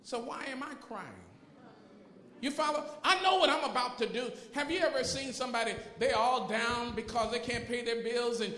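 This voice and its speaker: High-voiced preacher in an echoing hall. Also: male voice. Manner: impassioned preaching that builds to shouts, with repeated rhetorical questions. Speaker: pastor. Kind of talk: sermon. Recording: echoey hall with long reverb.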